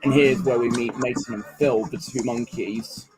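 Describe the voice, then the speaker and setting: A man's voice: medium pitch, steady tone, normal speed, over music, low-quality recording. A man giving a casual fan commentary on a film, rambling with fillers and restarts. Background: film soundtrack playing.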